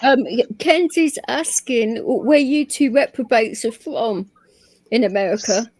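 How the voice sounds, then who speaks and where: A woman's voice: fairly high pitch, measured pace, darkish tone, no room sound. A woman hosting a casual chat, teasing her guests, swearing freely and laughing often.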